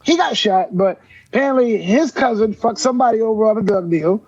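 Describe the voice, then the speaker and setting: A man co-hosting a podcast, telling a profane story in casual chat and loudly quoting people. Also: high-pitched, lively intonation, brisk, dry recording, muffled recording. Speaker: podcast co-host.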